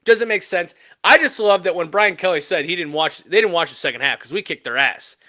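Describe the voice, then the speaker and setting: A man talks sports on a podcast in a high, bright voice that jumps up and down a lot. His delivery is emphatic and animated, with punchy asides. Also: a little fast. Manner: animated, emphatic rants with laughs. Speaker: podcast co-host. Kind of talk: casual sports chat.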